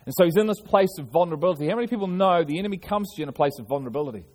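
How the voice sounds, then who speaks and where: A man's voice: fairly high pitch, lively intonation, racing, a little mellow. A man preaching a sermon, earnest, often restarting and repeating his words. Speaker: pastor.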